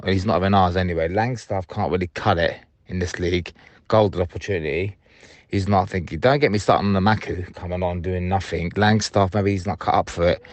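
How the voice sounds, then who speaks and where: A man's voice: deep voice, no echo. A man leaving angry, sweary voicemails about a football match, recorded on a phone from a stadium seat and from his car. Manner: angry, sweary, blunt rant.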